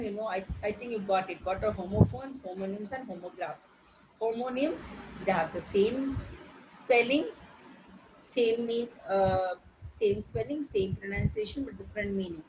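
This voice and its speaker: A woman teaching an English vocabulary lesson, explaining slowly, spelling words letter by letter, with frequent pauses and fillers. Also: mid-range voice, background noise. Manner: hesitant, with frequent fillers and self-corrections.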